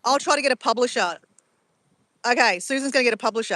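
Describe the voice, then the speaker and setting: A woman's voice: on the high side, animated, quick pace, fairly bright tone. Chatty woman live-streaming outdoors. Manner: chatty, greets viewers by name and reads chat aloud. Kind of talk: casual live-stream chat. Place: outdoors at sunrise, walking.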